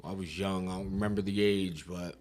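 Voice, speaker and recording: Low-voiced man, blunt street talk. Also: fairly even intonation, fairly quick, darkish tone. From Inland Empire, California. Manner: rough, street-slang speech with frequent swearing and "bro". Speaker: podcast guest sharing his recovery story. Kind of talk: casual conversation.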